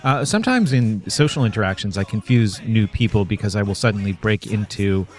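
A man's voice: on the low side, expressive, fairly quick, soft background music. A man hosting a podcast and chatting in a casual, playful way. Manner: playful, breaks into mock regional voices. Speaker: podcast host.

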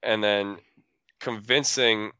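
A man, a schoolteacher being interviewed, talking casually and haltingly, often restarting and repeating words. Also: fairly low pitch, steady tone, sharp tone, clean tone, dry recording, lo-fi sound. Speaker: schoolteacher and program founder, guest.

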